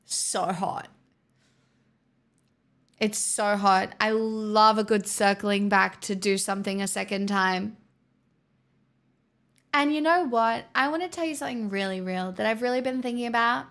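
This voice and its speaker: Sarcastic woman streamer, unhurried. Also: mid-range voice, fairly bright tone. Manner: sarcastic, mock corporate girlboss patter. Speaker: livestreamer. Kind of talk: casual livestream chat.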